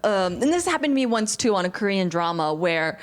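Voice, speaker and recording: A woman's voice: medium pitch, fairly quick. A woman with an American accent, a guest actor telling stories in a casual podcast chat. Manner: animated storyteller, acts out quoted voices.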